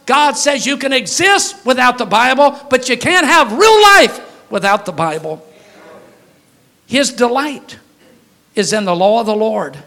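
Man, pastor, high voice, folksy, humorous sermon, sudden shouts. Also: lively intonation, measured pace, vocal fry.

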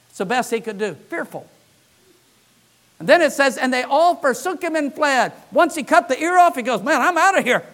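A man preaching a sermon, telling the scripture stories with animated acted-out lines and frequent filler sounds. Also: high voice. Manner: animated storytelling, acts out the scripture characters' lines. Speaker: pastor.

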